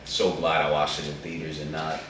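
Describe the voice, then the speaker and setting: A man's voice: extremely low pitch, monotone, fairly quick, background noise. A man talking casually as a co-host, rambling and slangy as he reviews an anime movie. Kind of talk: casual chat. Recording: echoey room, far from the mic.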